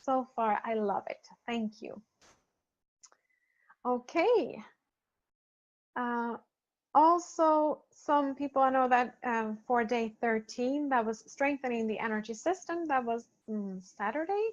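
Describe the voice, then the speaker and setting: A woman spiritual healer talking casually, gently and hesitantly, as she reads and answers feedback from participants. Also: fairly high pitch. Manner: soft-spoken, gentle, hesitant with many pauses and fillers. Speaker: spiritual healer leading a program. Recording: dull lo-fi recording.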